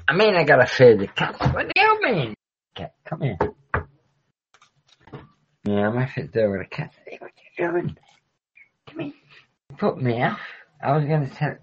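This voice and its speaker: A man's voice: medium pitch, slightly rough. A man hosting a livestream in casual rambling chat, who swears freely and often trails off mid-sentence. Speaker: livestream host. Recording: dull lo-fi recording.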